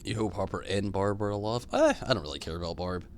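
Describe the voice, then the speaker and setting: A man's voice: on the low side, fast, slight background noise. A man streaming a game live, rambling animatedly, answering chat and swearing casually. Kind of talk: live gameplay stream commentary.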